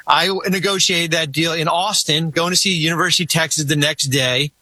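A man spins a long anecdote in casual podcast chat, circling back and restarting his sentences as he goes. His voice is bright and forward, with a close, dry sound and no room around it. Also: fairly high pitch, brisk, no room sound. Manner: rambling, animated, many fillers and restarts. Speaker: former team executive telling stories.

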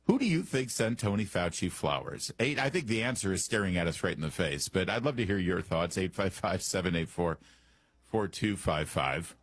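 A man's voice: deep voice, animated, normal speed, no room sound. A man hosting a talk radio show, commenting in a sarcastic, mocking way from a studio microphone.

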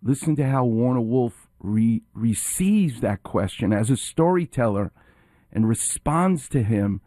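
A man's voice: medium pitch, animated, measured pace, mellow, no room sound. An enthusiastic male radio host breaks down a clip with emphatic, explanatory commentary. His voice sits in the middle range and is recorded on a dry, close studio mic.

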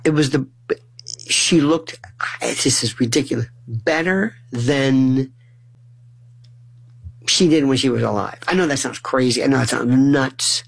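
Middle-aged male storyteller, raspy voice, swings high and low to act out relatives, trips over his words. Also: low-quality recording. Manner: animated, acts out family dialogue in shifting voices; stumbling restarts and repeated words. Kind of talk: humorous personal storytelling monologue.

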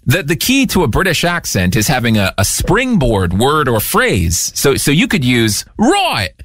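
A man's voice: medium pitch, wildly swooping pitch, normal speed, fairly bright tone, no room sound, clean studio sound. A man hosting a radio show, bantering playfully with a caller in a teasing, jokey way. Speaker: radio host.

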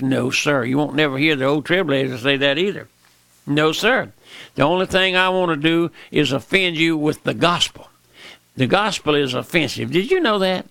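An older man with a drawl delivers a fiery old-time sermon in a gravelly, slightly high voice. He repeats his points for weight and climbs into cries. The sound is dry and close. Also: animated, normal speed, a bit bright, no echo. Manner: emphatic, repeats phrases, rises to cries. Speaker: preacher.

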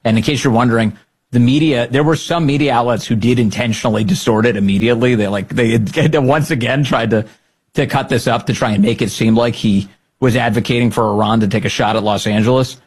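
Male political podcast host with a husky voice and a sarcastic, lively delivery. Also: mid-range voice, fairly quick. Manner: sarcastic, animated, laughs often. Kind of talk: political commentary.

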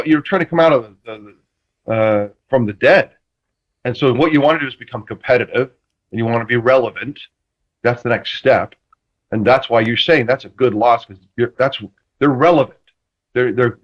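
Lo-fi former quarterback telling stories. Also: male voice, mid-range voice. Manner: lively storyteller who restarts sentences and acts out quotes. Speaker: former football quarterback, guest. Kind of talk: animated anecdote-telling.

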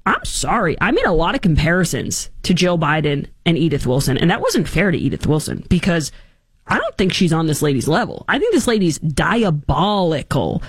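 Animated sarcastic woman talk host. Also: low voice, moderate pace, husky, dry recording, studio quality. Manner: animated, sarcastic, acts out quotes. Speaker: radio talk show host. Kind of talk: opinionated casual commentary.

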